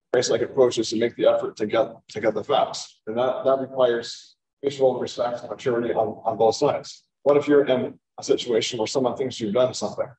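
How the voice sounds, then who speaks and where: Heard through poor audio, this preacher's medium-pitched, dark-toned voice works through scripture conversationally. He tends to repeat words while finding what to say next in his Bible teaching.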